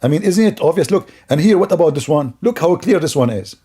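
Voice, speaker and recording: A man's voice: on the high side, animated, fast talker, mellow, breathy edge. A man giving sarcastic, scornful commentary on a video, laughing often as he mocks it.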